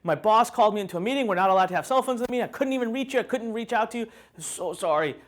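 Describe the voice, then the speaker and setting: A flaky, overapologetic friend , as a man acts him out, pours out his regrets again and again. The voice sits a touch high and pleads in a rush of repeated words. It is an everyday voice, barely changed from the speaker's own. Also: lively intonation, rapid-fire. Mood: apologetic. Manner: gushing, repetitive apologies. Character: flaky apologetic adult male friend.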